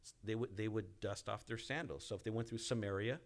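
This pastor talks fast in a fairly low voice with fairly even intonation, giving a conversational sermon aimed directly at his congregation. He repeats himself, restarts phrases, and performs the pleas he quotes.

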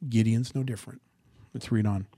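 A man preaching a sermon, asking the congregation rhetorical questions and swinging from quiet asides to loud, dramatic scripture reading. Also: fairly low pitch, fairly even intonation, a little fast, no echo, clean studio sound. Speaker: pastor.

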